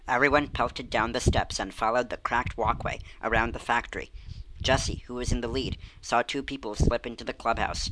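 A man reading a children's mystery book aloud, with clear, even storytelling. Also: medium pitch, moderate pace, background noise. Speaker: audiobook reader.

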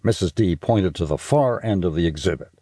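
A man narrating a children's audiobook in a playful, expressive way. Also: sits low, fairly quick, no room sound.

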